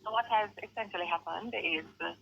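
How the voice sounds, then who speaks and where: A woman attorney calling into a radio show, sounding stuffy from a cold and speaking in a composed, measured way. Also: mid-range voice, vocal fry. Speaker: attorney, phone-in guest. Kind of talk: radio phone interview. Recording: dull phone line with light hiss.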